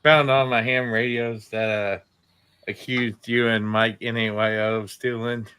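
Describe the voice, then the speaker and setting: A man with a Midwestern accent trades wry, teasing remarks on a casual livestream. His voice sounds bright and mid-pitched. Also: flat delivery, measured pace, clean tone. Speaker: co-host.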